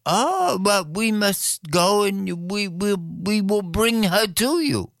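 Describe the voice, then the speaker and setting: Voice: mid-range voice, lively intonation, takes it slowly, no echo, studio quality, voice pushed up. A storyteller doing two eager young princes calling out. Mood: pleading.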